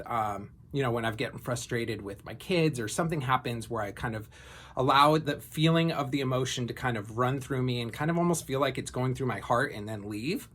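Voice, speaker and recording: A man's voice: mid-range voice, a bit bright. Reflective man telling a personal story. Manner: reflective, loose, many fillers and restarts. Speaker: vlogger.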